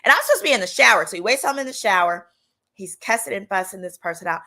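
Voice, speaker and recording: A woman's voice: mid-range voice, racing. A woman in her thirties casually telling a personal story with sass, acting out other people's lines. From Texas. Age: 30s. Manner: animated, sassy, acts out quotes in different voices. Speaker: legal commentary host.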